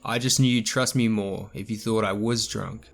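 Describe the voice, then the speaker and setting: A man gives voice to a creepy young man trailing strangers at night, speaking low and unnervingly calm. The tone stays quiet and even, with a soft musical bed running underneath this horror storybook narration. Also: moderate pace, gravelly, soft background music. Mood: eerie calm.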